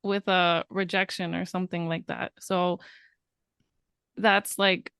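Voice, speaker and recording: A woman's voice: on the low side, flat delivery, slow pace, creaky, a bit bright, clear, resonant tone, no echo, studio quality. Candid laughing woman co-host. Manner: candid, laughs often, chatty storytelling. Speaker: podcast co-host. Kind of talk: casual parenting podcast chat.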